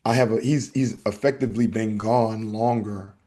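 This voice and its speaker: A man hosting a casual podcast, telling a story in an animated way and acting out the back-and-forth. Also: lowish voice, moderate pace. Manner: animated storytelling, acts out exchanges. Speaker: podcast host.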